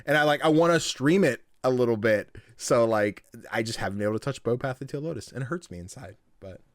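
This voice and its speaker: A man's voice: medium pitch, animated, fast, no echo, studio quality. A young man hosting a casual gaming podcast, joking and swearing freely as he chats. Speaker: podcast host.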